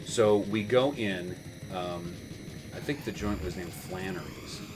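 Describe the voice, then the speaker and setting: A man's voice: low-pitched, slow pace, music in the background. A man in his thirties, host of a gaming show, telling a rambling story with chuckles while playing a video game. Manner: rambling, chuckling, with many fillers and restarts.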